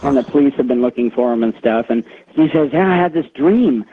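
A man's voice: mid-range voice, expressive, a little fast, slight background noise. A man calling in to a radio show, telling a secondhand eerie story in a rambling way with lots of fillers. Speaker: caller. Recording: tinny phone line on radio.

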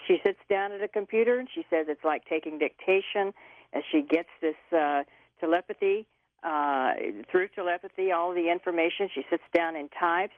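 A woman guest on a radio show, answering hesitantly with many pauses and fillers. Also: lowish voice, no room sound. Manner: hesitant, lots of uh's. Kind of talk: interview answer. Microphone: telephone. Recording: tinny dry phone line.

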